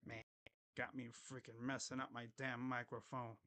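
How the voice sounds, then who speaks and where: A man's voice: medium pitch, level tone, normal speed, pushed and bright. A man hosting a casual sports livestream, grumbling and sarcastic, swearing offhandedly at a desk microphone.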